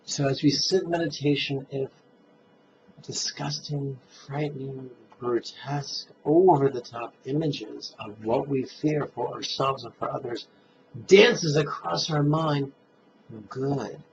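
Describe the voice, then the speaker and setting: A man leading a guided meditation, speaking calmly and drawing out his recitations. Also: mid-range voice, gravelly. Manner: slow, calm, drawn-out recitation. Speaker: meditation teacher. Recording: dull lo-fi sound with faint noise.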